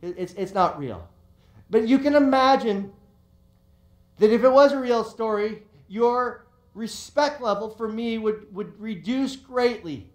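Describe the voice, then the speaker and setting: A man's voice: very high voice, expressive, unhurried. A man preaching a sermon as pastor, telling a story in a chatty way with many repeated words and restarts. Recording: echoey room.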